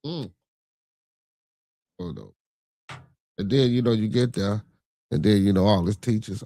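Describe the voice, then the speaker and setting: Measured in pace with long pauses, this fairly low, dark-toned voice comes from a middle-aged man with a Chicago accent hosting a livestream podcast. In a casual monologue he speaks loosely and profanely, following nearly each thought with a question to the listener and a steady stream of "you feel me."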